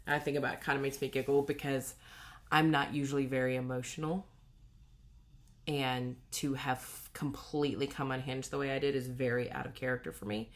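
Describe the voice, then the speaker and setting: A cross-stitch vlogger tells a personal story in a rambling, casual way, constantly correcting herself and acting out the voices of people she quotes. Her voice is extremely low with a flat delivery and a slightly fast pace.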